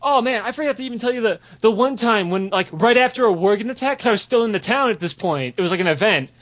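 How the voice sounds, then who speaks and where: A young man casually telling game stories on a podcast, animated and profane, acting out the voices of the people he quotes. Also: high-pitched, fast. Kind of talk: casual storytelling chat. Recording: dull lo-fi podcast audio.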